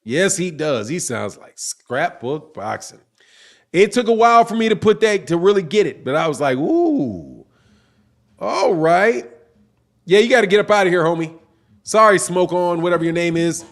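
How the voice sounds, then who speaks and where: Middle-aged male stream host, high-pitched, loose and slangy, rambles through viewer comments. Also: quick pace. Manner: reads chat comments aloud, slangy and rambling. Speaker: boxing channel host. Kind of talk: casual livestream chat.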